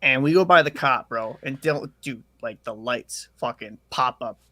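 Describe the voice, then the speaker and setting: A man co-hosting a casual podcast, telling a story in a rambling, animated way with lots of fillers and swearing. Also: medium pitch, moderate pace, noisy background. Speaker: podcast co-host.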